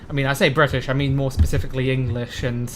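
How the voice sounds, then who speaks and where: A man's voice: mid-range voice, flat delivery, fast talker, a little hiss or hum. A man streaming a bus-driving game, chatting casually and rambling as he answers viewer questions. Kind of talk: casual live-stream commentary.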